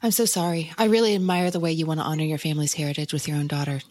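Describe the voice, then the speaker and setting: A woman hosting a podcast, interviewing her guest gently and encouragingly. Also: low-pitched, little pitch movement, rapid-fire. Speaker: podcast host.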